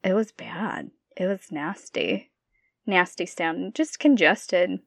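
A woman's voice: on the low side, slow pace, creaky, slightly rough, no room sound. Woman chatting casually, dry close sound. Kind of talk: casual chat.

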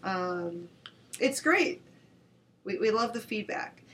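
A woman's voice: medium pitch, animated, slow, a bit bright. A woman co-hosting a podcast in casual chat, chatty and upbeat. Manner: chatty, upbeat, laughs easily. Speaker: podcast co-host.

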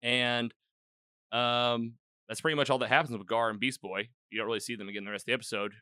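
A man hosting a casual chat, retelling an episode in a rambling, animated way with quoted lines. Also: medium pitch, fast, clean tone, no room sound, clean studio sound. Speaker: podcast host.

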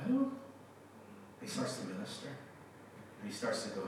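A male pastor giving a sermon, telling stories with lively acted-out quotes and laughter. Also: medium pitch, fairly quick, slight background noise. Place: large church hall. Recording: echoey church hall from a distance.

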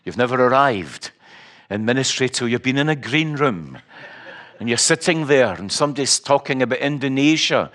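A man's voice: medium pitch, animated, moderate pace, fairly bright tone. A middle-aged Scottish man preaching a sermon, telling stories with wry humor and emphatic repetition. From Scotland.

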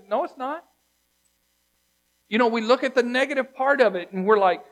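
Male pastor with a high voice, conversational sermon, builds to loud emphasis then drops hushed. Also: moderate pace, pauses often.

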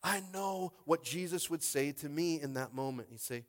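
Man preaching with fiery, hushed swings. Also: fairly high pitch, moderate pace, in a large hall. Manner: swings from loud exhortation to hushed speech; conversational, asks the crowd for response. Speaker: pastor. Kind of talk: sermon.

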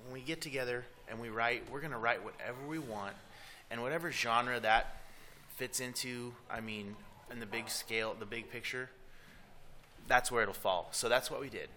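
A man with a bright, forceful voice talks easygoingly as a guest on a podcast, in quick bursts with restarts. A faint hiss of noise sits under the voice. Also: mid-range voice. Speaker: band member, guest. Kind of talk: casual interview chat.

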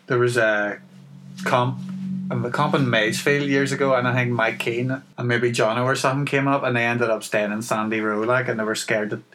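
A man's voice: medium pitch, moderate pace, faint music behind, low-quality recording. A man co-hosting a skateboarding podcast in casual, sweary banter. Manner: sweary, laughing, relaxed banter. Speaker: podcast co-host. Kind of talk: casual chat. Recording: remote call recording.

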